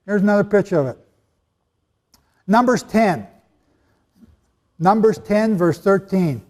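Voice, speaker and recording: A man preaching a sermon in a hall with an audience, animated and conversational, with asides to his listeners. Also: high voice, unhurried, long pauses. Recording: long hall reverb.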